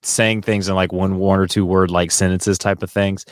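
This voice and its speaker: A man with a low voice tells a long story in casual chat, rambling and restarting as he goes. His voice sounds dry and close, and he comes through a remote call mic. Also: flat delivery, moderate pace, few pauses, no room sound. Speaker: podcast co-host.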